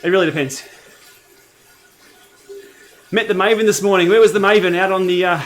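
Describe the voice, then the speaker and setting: A man's voice: sits high, normal speed, fairly bright tone. Laid-back Australian man on a livestream. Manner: chatty, laid-back, reads and answers viewer comments. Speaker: cycling livestream host. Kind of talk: casual livestream chat while riding. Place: home training room.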